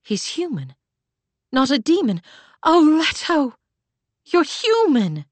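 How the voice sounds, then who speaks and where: A woman voicing a fierce, battered woman librarian who talks in a sharp, snarling way that cracks with emotion. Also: medium pitch, sing-song, unhurried, dry recording. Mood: overwhelmed.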